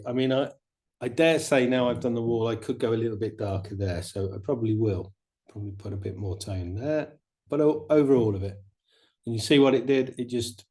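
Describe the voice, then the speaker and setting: A middle-aged man with a mid-range voice teaches watercolor painting. He chats in a relaxed way during the demonstration, explaining each step as he paints.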